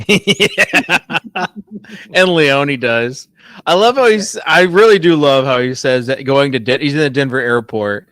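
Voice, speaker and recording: A man's voice: medium pitch, measured pace, a bit bright, no room sound. A man joins a casual chat as a guest and jokes in a dry, offhand way. His voice sits in the middle of the male range and sounds close and dry, with no room around it.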